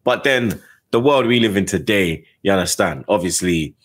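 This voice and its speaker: A middle-aged man with a London accent, hosting a casual chat and telling animated stories full of slang. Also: low voice, normal speed. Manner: animated storytelling with slang tags. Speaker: host.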